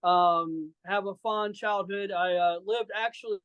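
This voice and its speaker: High-voiced brash man in his forties. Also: steady tone, unhurried, fairly bright tone, smooth, no echo, lo-fi sound. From Saint Louis, Missouri. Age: 40s. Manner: loose, rambling, full of fillers, brash trash-talk. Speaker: professional wrestler guest. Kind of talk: casual interview chat.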